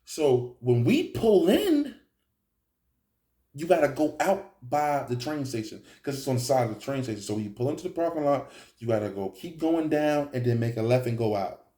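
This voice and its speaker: A young man telling a story in a casual, animated way, full of slang and profanity, often checking in with "right?". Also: mid-range voice, moderate pace. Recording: roomy echo.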